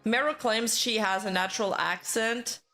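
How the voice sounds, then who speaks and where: A woman's voice: a little high, normal speed, bright, forceful tone, soft background music. A woman giving casual, rambling commentary on internet news, full of fillers and self-corrections.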